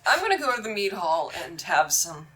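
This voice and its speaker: A woman's voice: medium pitch, sing-song, fairly quick, pushed and bright, a little hiss or hum. A woman voicing a friendly, overly cheerful young man in a tabletop game, with a sing-song lilt.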